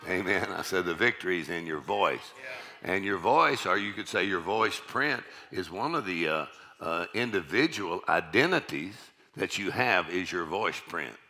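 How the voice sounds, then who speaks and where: Preaching a sermon to his congregation, a man with a very low, deep voice sounds strikingly bright and forceful. He is animated and keeps a moderate pace, driving his points home by repeating lines and calling out "amen".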